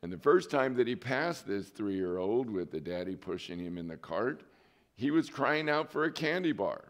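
Lower-voiced pastor telling a story. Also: male voice, lively intonation, normal speed. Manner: conversational storytelling with asides to the congregation. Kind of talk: sermon. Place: church.

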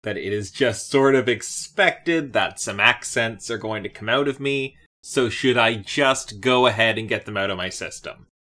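A man's voice: medium pitch, normal speed, few pauses, bright, forceful tone. A man co-hosting a comedy podcast, talking in a playful, jokey way and often tripping over his words. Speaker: podcast co-host. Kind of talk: casual comedic chat.

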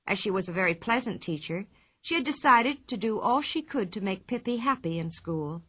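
A woman reading a children's storybook aloud as narrator, clear and expressive. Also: medium pitch, moderate pace, dry recording.

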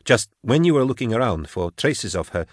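A man voicing a grim, guarded young woman agent who speaks quietly and tersely in an audiobook. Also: medium pitch, big pitch swings, moderate pace, no room sound, studio quality.

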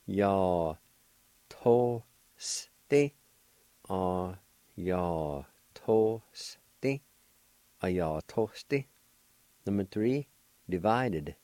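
An older man giving a slow, patient pronunciation lesson on the radio, spelling words letter by letter and repeating each syllable. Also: low voice, animated, warm tone, no echo. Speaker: language teacher and radio host.

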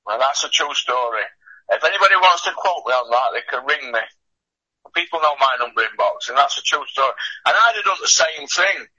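A man with a husky voice, ranting bluntly about boxing in casual radio chat, swearing and scoffing. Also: mid-range voice, lively intonation, brisk, pushed and bright, dull audio. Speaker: boxing pundit.

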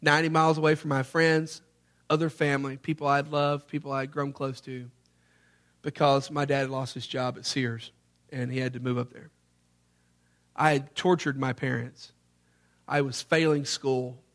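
A man, from Memphis, Tennessee, preaching a sermon as an animated storyteller who acts out the scenes. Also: medium pitch, moderate pace.

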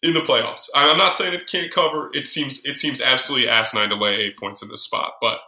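A man hosting a betting talk show, with a very bright, forceful tone and frequent stammered restarts. The echo of a roomy space hangs around his voice. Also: mid-range voice, fast. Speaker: sports betting show host. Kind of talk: casual sports betting talk.

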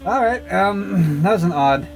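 A man's voice: sits high, animated, a little slow, creaky, soft background music, poor audio. Rambling casual male podcast co-host. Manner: rambling, thinks aloud while searching online. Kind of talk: casual chat.

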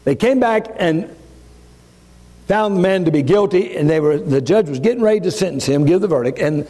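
A man with a somewhat high voice delivers a fervent sermon from the pulpit. He climbs into urgent, raised preaching, then sinks into soft, low prayer. He repeats and restarts phrases as he builds momentum. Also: lively intonation, normal speed. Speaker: pastor.

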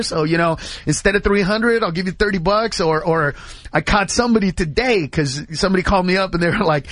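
A man in casual radio studio chat, telling animated stories and acting out the people in them. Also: high-pitched, brisk, dry recording. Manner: animated storyteller, acts out quoted voices.

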